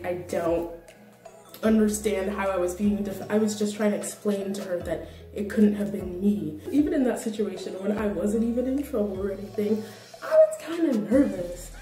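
A young woman in her twenties vlogs in a casual monologue, telling stories with animated energy and frequent laughter. Her voice sits fairly high. It is recorded from a distance from the mic in a room with a noticeable echo. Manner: animated storyteller, laughing through her points. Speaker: vlogger. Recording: roomy echo, distant from the mic, faint music.

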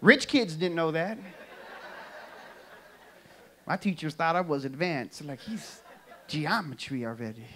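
A man from California performing an animated stand-up comedy set for a church audience. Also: fairly high pitch, moderate pace, a faint crowd, slight background noise. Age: adult. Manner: animated storytelling punchlines. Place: church sanctuary, live audience.

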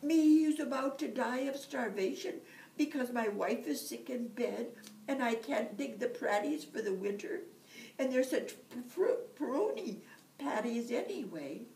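A lazy Irish peasant man whines and wails about his lot, as a woman reader puts him on. The put-on accent rises high and swoops about, drawn out slowly. It sounds roomy and distant. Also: animated, gravelly, warm tone, slight background noise. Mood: pleading. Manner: whining, wailing. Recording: echoey room, from afar.

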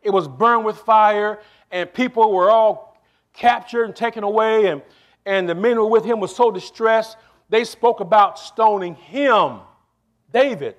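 High-voiced emphatic male pastor preaching. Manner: preacherly, emphatic, asks the congregation for response; shifts between slow stressed phrases and quick asides. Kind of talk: sermon.

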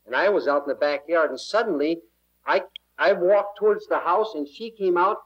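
A man telling a personal testimony to an audience, halting a little and repeating words as he recalls events. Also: fairly high pitch. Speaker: speaker at a prayer teaching session. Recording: dull lo-fi 1980s tape.

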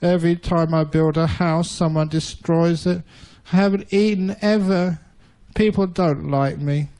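A man's voice: fairly high pitch, steady tone, measured pace, mellow. A man voicing a starving, tearful male spider who pities himself as he tells a story in a talk. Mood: self-pitying. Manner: whiny and self-pitying.

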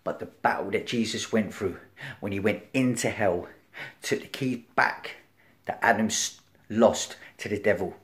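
A man giving an informal sermon in a conversational style. He checks in with "right?" often, acts out the voices in the story, and swings between loud, emphatic stretches and quiet, low lines. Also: a little slow. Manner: conversational, keeps asking "right?", acts out crowd and Pilate. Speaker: preacher.

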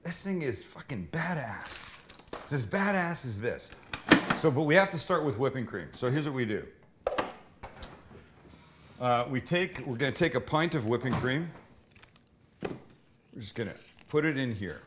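A man's voice: medium pitch, very animated, a little slow, pauses often, background noise. A man hosting a casual cooking livestream from a kitchen, joking with his crew and swearing loosely. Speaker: cooking show host.

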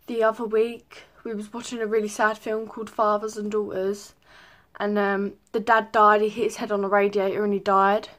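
A woman's voice: mid-range voice, a bit bright. A young woman chatting casually in a pregnancy update vlog, rambling with many ums. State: a little out of breath. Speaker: vlogger.

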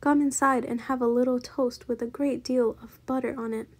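A woman's voice: on the high side, moderate pace, vocal fry, mellow, breathy edge. A woman voicing a cheerful, doting housewife who speaks sweetly.

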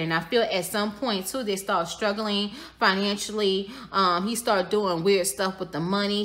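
A woman's voice: medium pitch, a little slow, few pauses, fairly bright tone, slight background noise. A woman giving a tarot reading for her viewers, speaking casually, speculating aloud and repeating her phrases. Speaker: tarot reader.

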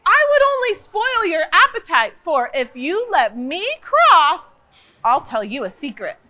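A woman's voice: very high-pitched, big pitch swings, unhurried, pushed and bright, full character voice. Woman doing a small pleading billy goat. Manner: pleading, then sly.

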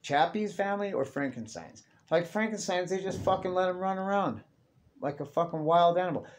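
A man's voice: high-pitched, a little fast. A young man ranting casually to camera, profane and rambling, tacking "dude" onto everything. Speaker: vlogger.

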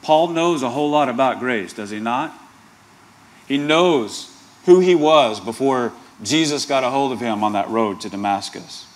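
A man's voice: mid-range voice, expressive, moderate pace. A male pastor preaching a sermon, earnest, with playful asides and rhetorical questions to the congregation.

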